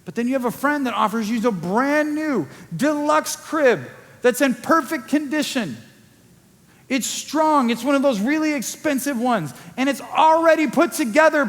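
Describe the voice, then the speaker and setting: A male pastor preaching a sermon in a conversational way, acting out quick quoted asides. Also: extremely high pitch, expressive. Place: church sanctuary. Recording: long church hall reverb.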